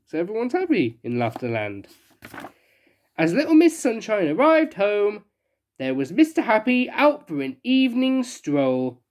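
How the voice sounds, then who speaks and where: A woman's voice: medium pitch, big pitch swings, unhurried, darkish tone. Playful woman reading a children's book. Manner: playful, chatty asides. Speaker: storybook reader.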